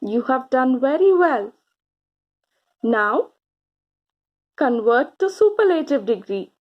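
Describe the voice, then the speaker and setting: A woman teaching grammar to children, speaking slowly and encouragingly, stretching out key words and pausing for answers. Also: sits high, very animated, dull audio. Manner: slow, encouraging, drawn-out words with pauses for answers.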